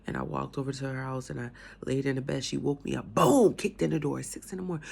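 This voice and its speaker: A woman with a cold telling her faith testimony in a casual, animated way, moving between loud outbursts and hushed whispers. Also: very deep voice, fast talker, creaky, breathy edge. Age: adult with a young son. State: has a cold, coughing. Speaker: speaker sharing her testimony.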